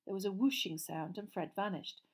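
A woman narrating a storybook audiobook in a steady, clear reading voice. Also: medium pitch, normal speed.

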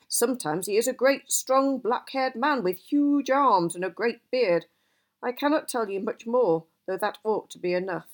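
Old grumpy wizard guy, a lady reading him, lowish voice, gets huffy and emphatic. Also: natural voice. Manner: emphatic, exasperated outbursts. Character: old male wizard, gruff and easily cross.

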